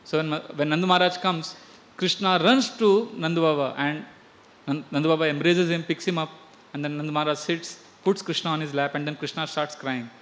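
An earnest man tells a devotional story with a slightly high voice, now and then restarting his words. A long hall reverb trails every phrase. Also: steady tone, fairly quick, fairly bright tone. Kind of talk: devotional storytelling, chanting verses.

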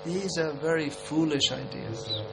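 A middle-aged man delivers a sermon in a conversational, wry way, pressing his points with emphasis. His voice sits somewhat high for a man. Faint music plays in the background. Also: a little slow, gravelly, low-quality recording. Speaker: preacher.

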